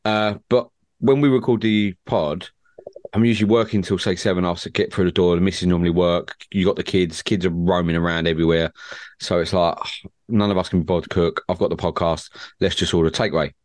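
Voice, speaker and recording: A man's voice: low-pitched, steady tone, a little fast, a little mellow, dry recording. A man co-hosting a football podcast, telling rambling stories in casual chat. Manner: rambling storyteller, laughs at own tales. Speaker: podcast co-host.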